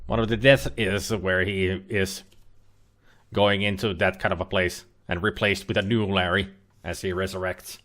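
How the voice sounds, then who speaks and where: A man's voice: deep voice, little pitch movement, moderate pace, a bit bright, a little hiss or hum. A man hosting a let's play, reading out game text and adding dry joking asides.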